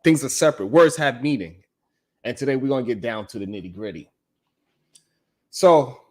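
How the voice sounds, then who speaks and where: A man, hosting a live stream in a blunt, profane, emphatic casual monologue that keeps checking in with "you know what I'm saying". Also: mid-range voice. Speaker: live-stream show host.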